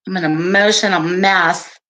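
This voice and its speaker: A woman's voice: lowish voice, steady tone, measured pace, sharp tone. A woman hosting a casual livestream, chatting with viewers, laughing often and answering their comments. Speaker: livestream host.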